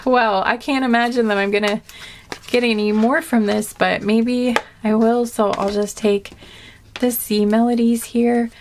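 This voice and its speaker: A woman giving a casual spoken tarot reading to her viewers, gentle and earnest, rambling with many fillers and restarts. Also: a little high. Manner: earnest and emotional. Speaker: tarot reader.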